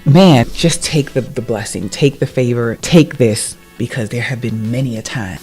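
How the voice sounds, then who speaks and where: Emphatic woman sharing a testimony. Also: extremely low pitch. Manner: emphatic, repeats phrases for stress; lively, swings between soft asides and excited bursts. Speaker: real estate agent. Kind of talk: personal testimony vlog.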